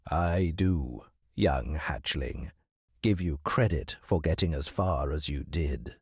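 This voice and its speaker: A man voicing a proud, condescending male hawk with a deep, unyielding voice in an audiobook story. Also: darkish tone, husky, dry recording, clean studio sound, heavily acted. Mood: measured. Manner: slow, condescending.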